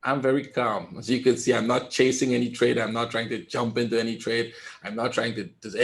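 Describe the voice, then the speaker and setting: A man giving live trading commentary in a webinar, calm and reassuring, repeating his points and often asking "right?". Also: mid-range voice, brisk, creaky. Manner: emphatic, talks straight to viewers. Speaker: trader teaching a webinar.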